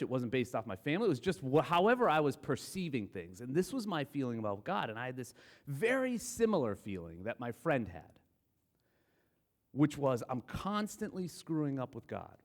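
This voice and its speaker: A man preaches in a candid, storytelling way, often poking fun at himself. His pitch rises and falls a lot as he talks. The voice rings out with a long reverb, as in a church sanctuary. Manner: candid, self-deprecating, storytelling. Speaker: guest preacher. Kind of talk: conversational sermon.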